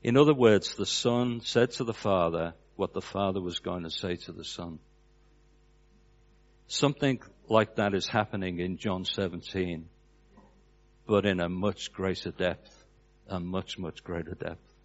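A man's voice: sits low, unhurried, pauses often. A man preaching a sermon, telling a story with an earnest cadence that drops away at the ends of phrases. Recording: dull lo-fi recording.

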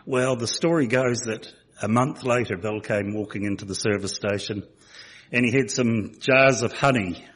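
A man's voice: medium pitch, moderate pace, slightly rough. A man telling a folksy story to a church congregation, recorded in a church hall. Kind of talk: anecdote told to a congregation.

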